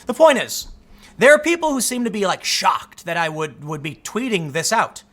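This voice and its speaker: Bright-voiced man telling a story. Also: high-pitched, moderate pace. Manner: animated retelling, acts out the dialogue. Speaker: vlog host. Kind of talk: casual storytelling monologue.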